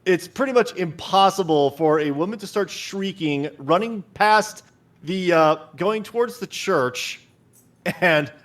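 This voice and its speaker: Lively, chatty male game master. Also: sits high, unhurried. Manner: chatty, laughing asides. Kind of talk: narrating a tabletop game.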